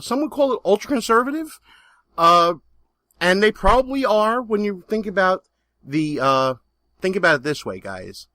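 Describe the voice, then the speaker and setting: A man's voice: high voice, bright, forceful tone, dry recording. A man with a Brooklyn accent hosting a political talk radio show, brash and jokey as he plugs the show.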